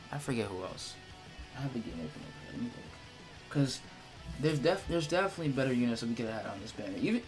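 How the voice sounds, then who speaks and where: A young man talks through his opinions on a game in an unscripted, rambling way, often repeating words and trailing into ums. His pitch sits in an ordinary middle range for a man. Faint guitar music plays quietly underneath. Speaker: gacha game video creator. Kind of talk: unedited casual game commentary.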